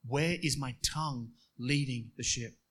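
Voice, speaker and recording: A man preaching a sermon, moving between quiet storytelling and emphatic passages. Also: mid-range voice, a little slow.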